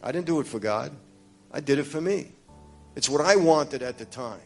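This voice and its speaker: A man with a New York accent giving a personal testimony. He talks emphatically and confidingly to his listeners, dropping to hushed low passages and rising to urgent ones. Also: lively intonation, normal speed, faint music behind.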